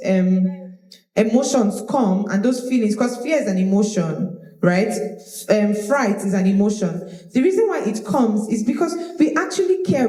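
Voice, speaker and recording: Woman speaking coach, lively high voice, roomy live-workshop sound. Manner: animated, demonstrative, repeats words. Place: large room with audience. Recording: roomy echo of a hall.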